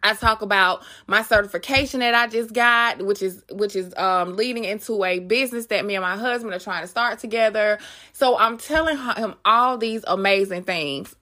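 A woman hosting her own podcast, telling a story in a chatty, animated way and talking straight to her listeners. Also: medium pitch, moderate pace. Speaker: podcast host.

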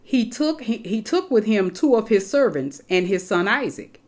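Woman preacher giving a lively sermon. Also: mid-range voice, moderate pace. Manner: animated, addresses congregation directly, casual asides. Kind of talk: sermon with scripture reading.

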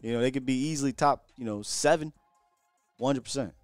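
A man hosting a live sports stream talks in an animated run, circling back and repeating himself as he works through a point. His voice is smooth and full. The sound is dry and close, with faint music behind. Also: mid-range voice, brisk, no echo. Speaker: sports show host. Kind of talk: casual live-stream chat. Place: hotel room.

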